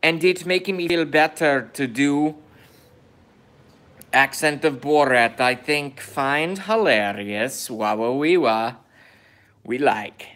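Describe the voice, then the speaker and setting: A man's voice: a little high, fairly bright tone. A man doing a crude mock-Kazakh caricature. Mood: goofy. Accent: put-on mock Kazakh accent. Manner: broken English, slow halting delivery with many "uh"s. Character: broken-English foreign male caricature, crude and bragging. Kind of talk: comedic impression in a vlog.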